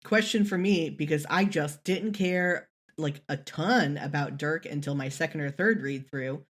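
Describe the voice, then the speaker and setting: A woman co-hosting a casual podcast, talking in a rambling, animated way and swearing casually. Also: low-pitched, a little slow. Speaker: podcast co-host.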